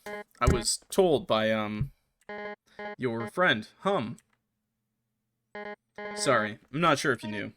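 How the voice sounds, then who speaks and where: A man streaming a game, reading the characters' lines aloud in put-on higher voices between joking and swearing. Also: takes it slowly, pauses often. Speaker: gaming streamer. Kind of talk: let's play with voiced dialogue reading. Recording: music playing behind the voice. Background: game music.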